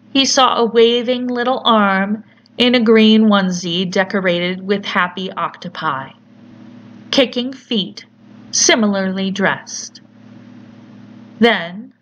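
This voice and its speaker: A woman narrating a horror story in a measured, deliberate storytelling manner. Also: medium pitch, fairly bright tone. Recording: slightly muffled with faint hiss.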